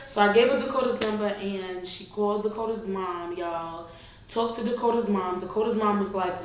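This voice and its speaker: A young woman, telling an animated, slangy storytime vlog straight to her viewers. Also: medium pitch, normal speed, slight background noise. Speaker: vlogger. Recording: very echoey room.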